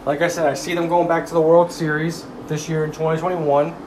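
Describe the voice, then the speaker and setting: A man's voice: fairly high pitch, flat delivery, fairly quick, a little mellow, a little hiss or hum. A young man ranting heatedly about baseball, mocking rival fans and swearing. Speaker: sports commentator. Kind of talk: casual sports rant.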